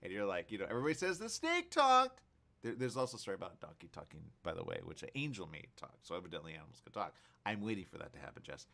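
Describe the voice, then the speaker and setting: A man's voice: deep voice, racing, creaky. A man hosting a morning talk show, chatting casually and spinning rambling, playful what-if stories. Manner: rambling, animated storytelling with playful what-ifs. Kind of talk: casual chat. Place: studio.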